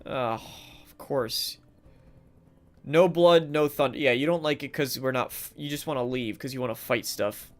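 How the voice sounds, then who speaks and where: A man's voice: medium pitch, moderate pace, soft background music. A man streaming a video game live, commenting casually and talking sarcastically to the characters on screen.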